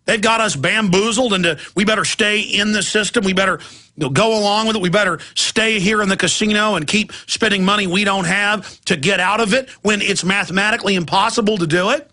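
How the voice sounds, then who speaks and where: A man's voice: sits high, fairly quick, bright, forceful tone. A middle-aged man hosting a talk radio show, delivering an impassioned, ranting monologue and mimicking opponents' voices. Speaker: radio host.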